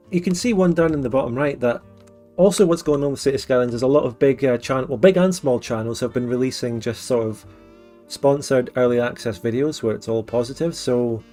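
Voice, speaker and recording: Guy rambling and joking on a stream, mid pitch, faint music under him. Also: dark tone. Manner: rambling, joking, many fillers. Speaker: streamer host. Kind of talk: casual livestream chat.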